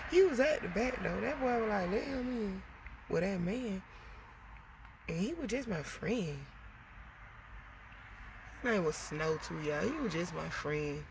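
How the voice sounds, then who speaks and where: A woman vlogger venting a storytime, animated and swearing, talking straight to her viewers. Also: fairly low pitch, a little slow, gravelly, pauses often, noisy background. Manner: animated, swearing, addresses viewers as girl and y'all.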